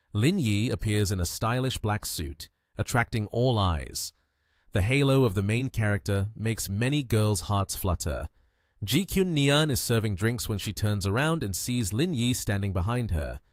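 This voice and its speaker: Niski, ożywiony narrator. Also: male voice, fairly low pitch, no room sound, studio quality. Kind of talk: story recap narration.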